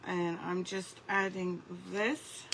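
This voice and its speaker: A woman's voice: on the low side, fairly even intonation, slow pace, a bit bright, rough recording. A woman hosting a casual craft livestream, chatting and greeting viewers by name as she works. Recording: faint background noise.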